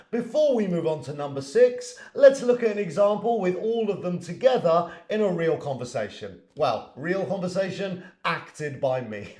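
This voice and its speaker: A British man teaches English phrases to camera in an animated lesson. His voice sits high and swoops up and down with great liveliness. The room around him adds a noticeable echo. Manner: animated, shifts into quick acted example lines.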